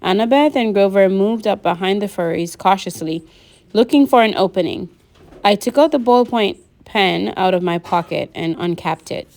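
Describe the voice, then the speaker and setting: A woman narrating a novel aloud in a lively audiobook reading, voicing the characters. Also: medium pitch, normal speed.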